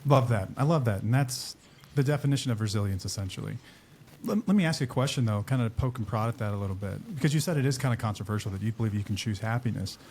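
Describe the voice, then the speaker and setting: A man's voice: on the low side, lively intonation, quick pace, darkish tone, slight background noise. A man hosting a podcast, asking the guest probing follow-up questions in a conversational way. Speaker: podcast host. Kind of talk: interviewing.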